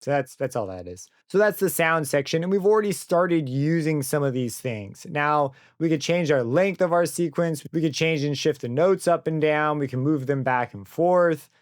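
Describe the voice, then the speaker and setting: A young man walking through a software synth plugin in a casual tutorial, thinking aloud and correcting himself as he goes. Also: on the high side, animated, normal speed, few pauses, no echo. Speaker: plugin reviewer. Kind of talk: screen-recorded software tutorial. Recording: dry close mic with synth music under it.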